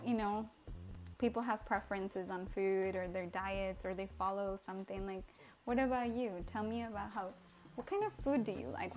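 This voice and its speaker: A young woman from Mexico hosts a livestream from her home kitchen, chatting casually, giggling, and answering viewer comments while she cooks. Her voice is a little high with a darkish tone.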